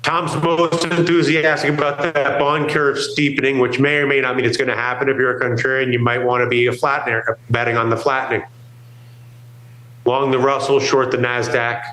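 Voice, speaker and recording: A man's voice: medium pitch, little pitch movement, normal speed, pushed and bright, echoey room, rough recording. A man from New York co-hosting a talk show, rambling emphatically and acting out what other people say. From New York, USA. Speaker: co-host. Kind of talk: casual market talk show banter.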